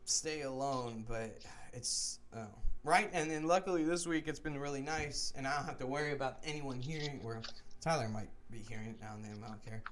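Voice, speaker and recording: A man's voice: mid-range voice, brisk, a little hiss or hum. A young man co-hosting a casual podcast, ranting heatedly with lots of swearing. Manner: heated, profane, rising to shouts when retelling arguments. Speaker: podcast co-host.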